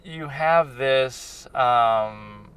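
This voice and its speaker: A man's voice: mid-range voice, extremely slow, fairly bright tone, smooth. A man and film critic chatting in a rambling, casual vlog, often restarting his sentences, recorded on a handheld recorder outdoors. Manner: meandering, many restarts and fillers.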